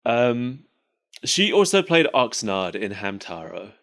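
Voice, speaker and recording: A man's voice: mid-range voice, big pitch swings, takes it slowly, fairly bright tone. A man co-hosting a podcast in casual chat, rambling and laughing often at his own jokes. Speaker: podcast co-host.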